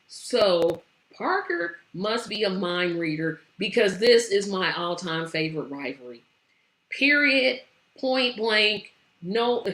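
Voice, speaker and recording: A woman hosts her own talk stream in a relaxed, meandering way, trailing off into fillers as she goes. She talks slowly and sounds worn out. Her voice carries a noticeable room echo. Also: mid-range voice. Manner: chatty, rambling with many fillers. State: tired. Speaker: show host. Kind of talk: casual livestream chat.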